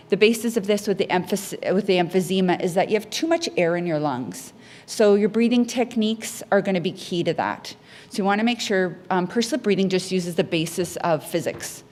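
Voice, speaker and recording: Low-voiced lady teaching breathing tips to a crowd, chatty, acts out what patients say. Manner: lively, acts out patients' words. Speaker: pulmonary rehabilitation educator. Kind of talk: health education talk to an audience.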